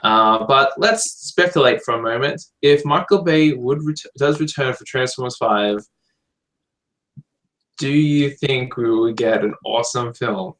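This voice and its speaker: A man's voice: mid-range voice, measured pace, a bit bright, low-quality recording. Eager man thinking aloud about films. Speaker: film podcast co-host. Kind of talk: casual chat.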